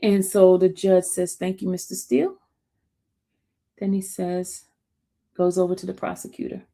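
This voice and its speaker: A woman hosting a casual live stream, telling her viewers a story in a chatty, animated way. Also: lowish voice, moderate pace, gravelly. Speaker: show host recapping a trial.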